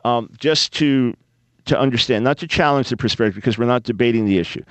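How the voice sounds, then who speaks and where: Male call-in host, mid-pitched, dry close sound, probing questions, restarts often. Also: fast talker, dry recording. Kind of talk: radio call-in talk.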